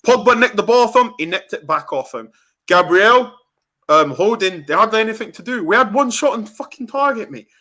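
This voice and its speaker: A young man hosts a football reaction chat and rants in anger, swearing often. His voice sits high and swings widely in pitch. The tone is bright and forceful. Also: fairly quick. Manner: angry, ranting, swearing, animated. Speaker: fan channel host.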